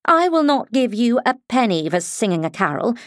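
A woman reading the part of a brisk, severe grown woman in an audiobook, her tone crisp and a little absent-minded. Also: fairly high pitch, sing-song, a bit bright, no echo, studio quality, voice pushed up. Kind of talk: audiobook character voice.

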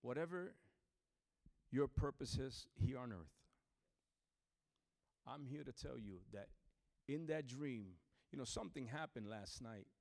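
A man preaching a sermon to a church, swinging from shouted exhortation to hushed, near-whispered storytelling. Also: medium pitch, animated, unhurried, creaky, pauses often.

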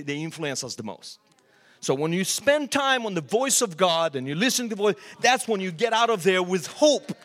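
A middle-aged man from Romania with a Romanian accent, preaching a sermon and telling his story with animated, rising questions. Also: high voice. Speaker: pastor. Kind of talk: sermon testimony.

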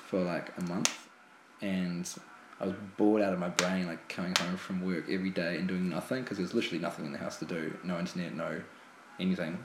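A man co-hosts a casual podcast chat, rambling through a story with many ums. His voice sits low. It comes from an echoey room with a faint hiss behind it. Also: steady tone, a little fast. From New Zealand. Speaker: podcast co-host.

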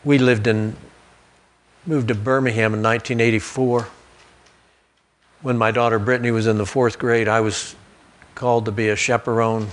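A man's voice: mid-range voice, flat delivery, normal speed, pauses often. A male pastor, preaching a sermon through folksy personal stories and asides. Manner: storytelling preacher, folksy asides, occasional restarts. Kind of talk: sermon storytelling. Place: church sanctuary.

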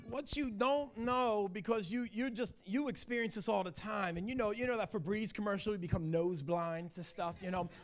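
A man preaching a lively, joking sermon to a church service. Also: high-pitched. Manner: joking, animated, talks to the crowd. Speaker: guest preacher.

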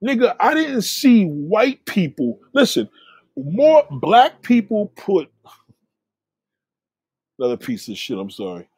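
Man, blunt opinionated host, husky voice that swings up and down, close and dry. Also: a little high, darkish tone, no echo. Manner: blunt and heated, swears a lot, repeats words. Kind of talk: casual opinionated rant.

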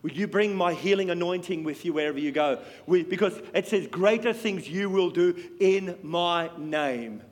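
A man preaching a sermon with passion, swinging between loud and hushed. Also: sits high, moderate pace, few pauses. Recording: long hall reverb.

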